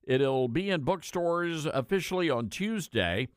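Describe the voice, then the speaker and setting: A man hosting a talk radio show in a studio, chatting casually with guests and pausing often with fillers. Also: a little high, lively intonation, smooth, no room sound. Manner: casual, folksy, halting with fillers. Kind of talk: conservative talk radio chat.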